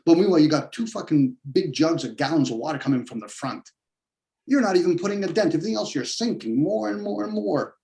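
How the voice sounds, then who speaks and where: Man, profane philosophical rant, combative, mellow dark tone. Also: on the high side, expressive, fast talker, creaky. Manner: blunt, combative, swears heavily; acts out others' objections in mocking voices. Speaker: podcast host.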